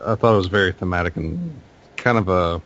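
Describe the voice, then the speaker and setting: A man's voice: low voice, animated, fairly quick, a bit bright, muffled recording. A man co-hosting a podcast, chatting in a laid-back, joking way with slangy asides. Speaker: podcast co-host. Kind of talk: casual chat about a video game.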